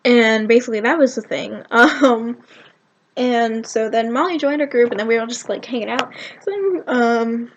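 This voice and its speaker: Woman vlogger from Virginia, fairly high voice, excitable and rambling, filler-heavy storytime delivery. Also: moderate pace, lo-fi sound. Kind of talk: storytime vlog.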